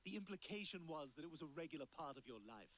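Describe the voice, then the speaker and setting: A man's voice: on the high side, animated, fast talker, slight background noise, natural voice. Man voicing a scheming precocious cartoon baby, arch. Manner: arch, fussy, sarcastic.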